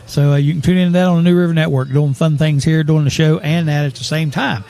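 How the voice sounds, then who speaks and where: A man hosts a relaxed local sports talk show. His voice sits a little high for a man, and he rambles and chuckles through stories about former players. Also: quick pace, vocal fry. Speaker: host.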